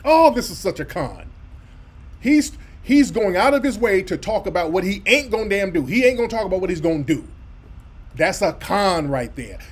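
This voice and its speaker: A man hosts a talk-radio commentary show. His voice sits high, and he talks bluntly, with profanity and mockery. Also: very animated, fairly quick, slightly rough. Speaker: radio host. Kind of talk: commentary over played clips.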